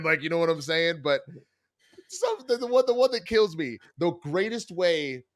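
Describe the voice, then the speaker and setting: Animated man retelling a TV episode. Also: a little high, normal speed. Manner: animated retelling with quoted character lines and laughs. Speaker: TV critic. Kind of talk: casual recap chat.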